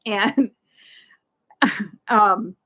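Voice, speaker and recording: Woman telling a story live, halting and repeating. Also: medium pitch, pushed and bright, breathy edge, dull audio. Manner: halting, repeats words and restarts often; emotional but laughing through a sad story. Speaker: host.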